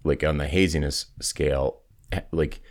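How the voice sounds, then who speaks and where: A man's voice: very deep voice, fairly even intonation, normal speed. A man co-hosting a business podcast, asking curious, rambling questions in casual conversation. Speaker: podcast co-host.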